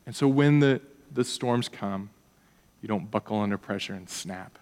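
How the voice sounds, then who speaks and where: Man preaching a lively sermon in a reverberant hall. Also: moderate pace. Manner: animated preaching, rising high on questions and dropping soft on key points. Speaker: pastor.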